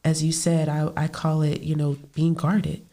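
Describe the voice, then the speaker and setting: A woman, a therapist co-hosting a podcast, talking calmly and thoughtfully, often saying "you know.". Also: deep voice, normal speed. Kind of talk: casual chat.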